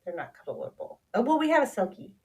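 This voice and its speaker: A woman's voice: fairly high pitch, big pitch swings, quick pace. A woman in her thirties chatting casually on a podcast, telling family stories and quoting people in little voices. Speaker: podcast guest, Charli's sister. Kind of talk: casual storytelling chat.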